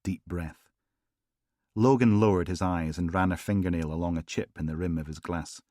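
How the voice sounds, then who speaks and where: Brief: a very deep male voice, measured audiobook narration, close dry studio mic. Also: a little mellow, dry recording. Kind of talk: scripted narration.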